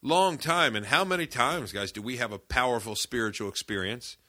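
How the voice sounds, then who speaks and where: A man co-hosting a podcast, chatty and animated, calling the others "dude". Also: medium pitch, brisk. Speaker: podcast co-host. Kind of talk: casual discussion.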